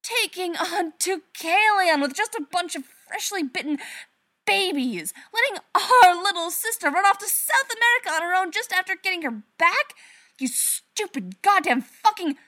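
A woman voicing a fierce young werewolf woman who yells and swears in outrage. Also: medium pitch, very animated, normal speed. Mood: furious yelling.

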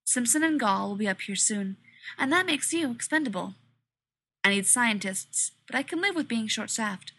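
A woman's voice: fairly high pitch, animated, normal speed, pushed and bright, breathy edge, exaggerated voice. A woman voicing a curt, demanding male scientist in a story reading. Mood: cold, commanding. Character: brusque, impatient male scientist.

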